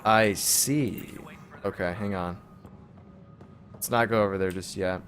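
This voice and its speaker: A man's voice: deep voice, steady tone, slow, a bit bright, faint music behind. A man casually commenting while playing a video game, reading menu items aloud half to himself in an offhand, wry way.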